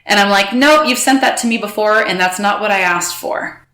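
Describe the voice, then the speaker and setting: Woman telling her story on a podcast, bright tense voice, kinda echoey room. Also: mid-range voice. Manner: halting, restarts, quotes others in bursts. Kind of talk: emotional personal storytelling.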